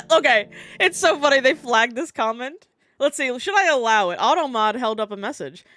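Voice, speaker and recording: A young woman streaming a horror game, chatting excitably, swearing, laughing often and reading chat aloud. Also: a little high, a little fast, faint music behind. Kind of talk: casual live-stream gaming commentary.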